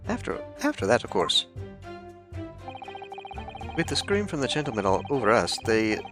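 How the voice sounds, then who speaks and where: A man voicing a self-assured gentleman witness with an Irish accent, reading game dialogue aloud. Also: on the low side, sing-song, normal speed. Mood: recounting. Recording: game music playing underneath.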